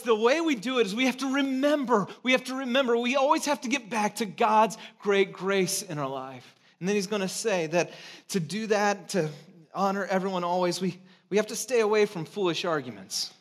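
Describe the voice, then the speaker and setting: A man's voice: high voice, moderate pace. A man in his thirties from California, preaching a sermon as a pastor in a conversational storytelling way with self-mocking humor.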